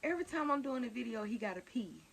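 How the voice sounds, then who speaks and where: Chatty animated woman preaching. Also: a little high, fast, gravelly. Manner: chatty, animated storytelling with asides. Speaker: online preacher. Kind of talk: casual preaching to camera.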